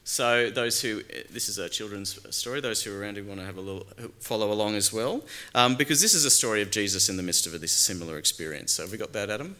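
A middle-aged male pastor preaching in a relaxed, conversational way, asking rhetorical questions and pausing with fillers. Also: lowish voice. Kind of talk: sermon.

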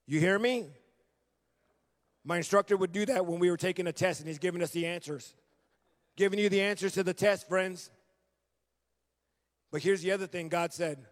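A man's voice: high voice, moderate pace, pauses often. A middle-aged man preaching a sermon as a guest, telling his story earnestly and acting out remembered conversations. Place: church sanctuary. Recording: long reverb of a large hall.

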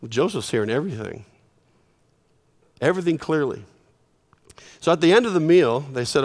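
A high-pitched male preacher tells a story with energy, swinging between soft and loud. His voice carries a long reverb, like a large church hall. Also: moderate pace, pauses often. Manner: animated storytelling with sudden swings in volume. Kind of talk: sermon.

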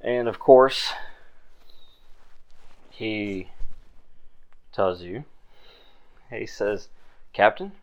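A man's voice: fairly low pitch, drawn-out words, long pauses, darkish tone, muffled recording. A man running a tabletop game as game master, narrating loosely with laughs and fillers.

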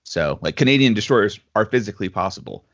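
A man's voice: fairly low pitch, expressive, quick pace. A man co-hosting a casual podcast chat, thinking aloud with lots of fillers. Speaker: podcast co-host. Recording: slightly dull lo-fi audio.

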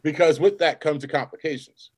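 A man's voice: on the high side, a little fast, slightly rough. Blunt, swearing man in casual talk. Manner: blunt, swears, drops into quoted voices. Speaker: paramedic. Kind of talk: casual chat.

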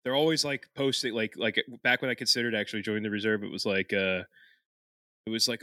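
A man's voice: on the low side, fairly even intonation, fast, pushed and bright, no room sound, clean studio sound. A man co-hosting a podcast in casual chat, rambling, swearing and laughing often between thoughts. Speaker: podcast co-host.

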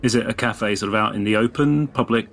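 A man playing a tabletop game, speaking calmly and bluntly in and out of character. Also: on the low side. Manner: calm, deliberate and blunt in character. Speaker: player. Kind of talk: tabletop role-play, in and out of character.

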